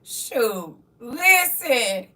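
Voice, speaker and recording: Hosting a laid-back home livestream, this middle-aged woman reads the chat aloud, laughing often and ribbing her viewers. She speaks very slowly in a slightly high, sing-song voice with a sharp edge, and she's distant from the microphone.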